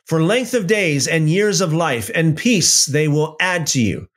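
A man's voice: on the high side, lively intonation. A man leading an evening Bible study, reading scripture aloud and adding conversational comments with frequent restarts. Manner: slow, deliberate reading with conversational asides and restarts.

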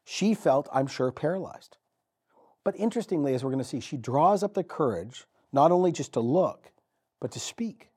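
A man preaching a sermon as pastor, telling the story vividly with dramatic pauses and repetition. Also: a little high, lively intonation, warm tone, breathy edge.

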